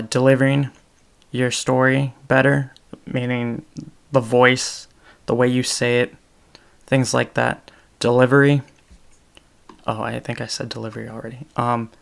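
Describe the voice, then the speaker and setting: Gravelly yet smooth and a bit bright, this young man's mid-range voice carries his solo podcast. He talks off the cuff with no script, working through ideas aloud and fixing his own words along the way.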